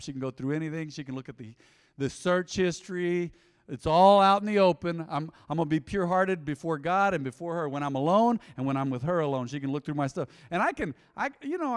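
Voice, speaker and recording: A middle-aged male pastor preaching a sermon in an animated, conversational way, talking straight to the congregation. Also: a little high, brisk, clear, resonant tone, in a large hall. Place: large church auditorium.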